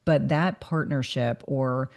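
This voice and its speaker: A woman's voice: rumbling low, slow pace, gravelly, a little mellow. Earnest woman podcast host. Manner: earnest, reflective, repeats words while thinking. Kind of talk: casual interview conversation.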